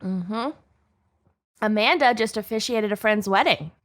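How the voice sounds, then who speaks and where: Slow-talking woman podcast co-host. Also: mid-range voice, a bit bright. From Minnesota. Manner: laughs often, chimes in with short replies. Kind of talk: casual chat.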